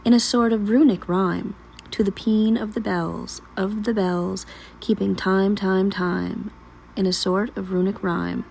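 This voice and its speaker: A woman vlogger reading a poem aloud while cooking at home in her kitchen, in a slow, emphatic recital that draws out repeated words. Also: medium pitch, fairly even intonation, vocal fry, a little mellow, a little hiss or hum, rough recording. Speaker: vlogger and mother of a large family. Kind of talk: dramatic poetry reading.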